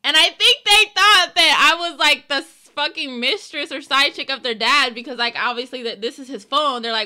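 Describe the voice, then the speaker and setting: Bright high-voiced woman rambling a story. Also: animated, moderate pace. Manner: rambling storyteller, full of fillers. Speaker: reaction channel co-host. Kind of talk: casual reaction chat.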